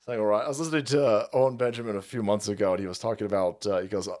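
A man's voice: fairly low pitch, steady tone, racing, darkish tone. A man hosting a livestream, thanking chat by name and ranting in a foul-mouthed, mocking way, laughing often. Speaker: livestream host reading chat.

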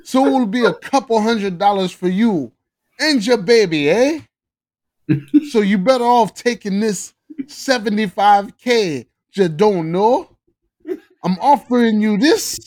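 A man's voice: very high-pitched, expressive, a little slow, pitched above the performer's own voice. A man putting on a smug, dismissive male athlete, reading his message aloud in a mock Canadian accent that tacks on "eh".

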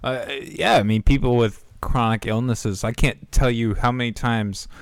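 A man's voice: medium pitch, fairly even intonation, normal speed, clear, resonant tone, no room sound, clean studio sound. A man hosting a podcast, easygoing and swearing casually. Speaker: podcast host.

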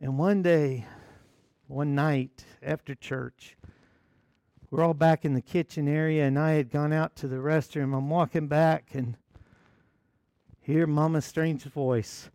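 A man's voice: on the high side, fairly even intonation, slow, pauses often, darkish tone, dry recording, clean studio sound. A man from the United States preaching a sermon as pastor, telling a story with chuckling asides.

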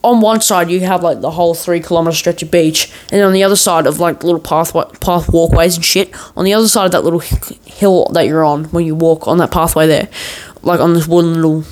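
A man's voice: a little high, steady tone, brisk, few pauses, a little mellow, poor audio. A man hosting a podcast, telling a long story in a meandering, joking way full of swearing and restarts. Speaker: podcast host. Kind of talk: rambling casual storytelling.

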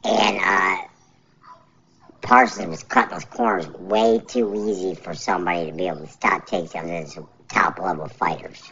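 Rambling irritated podcaster, gravelly low voice. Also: male voice, animated, moderate pace, pushed and bright. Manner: rambling, irritated, repeats himself. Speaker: podcast host. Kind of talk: solo podcast rant. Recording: dull lo-fi recording.

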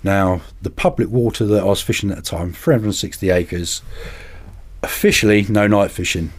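A man, a podcast guest and carp angler, telling anecdotes in a lively way and acting out the voices of people in them. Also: sits low, normal speed. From England. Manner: animated, acts out other people's voices in anecdotes. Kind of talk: casual storytelling.

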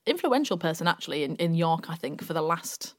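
A young woman from Bradford speaks with a broad West Yorkshire accent, her voice sitting a little low for a woman. She chats freely as an interview guest, winding through long, rambling anecdotes about her radio work. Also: big pitch swings, fairly quick. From Bradford, West Yorkshire, England. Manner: chatty, long-winded storytelling. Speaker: radio presenter, podcast guest. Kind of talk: casual interview chat.

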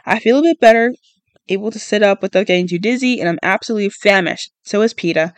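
High-voiced man reading a novel aloud. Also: quick pace, dry recording. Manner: unpolished reading with frequent stumbles and self-corrections. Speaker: podcast reader.

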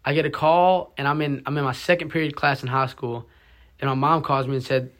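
A young man, a college student, tells a personal testimony in a halting, emotional way, with many restarts and fillers. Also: medium pitch, little pitch movement, a bit bright. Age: young adult.

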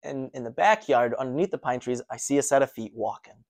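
A man's voice: mid-range voice, brisk, gravelly. Man animatedly recounting a running story. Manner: animated, breathless recounting with restarts. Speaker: runner telling his own story. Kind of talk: casual personal storytelling.

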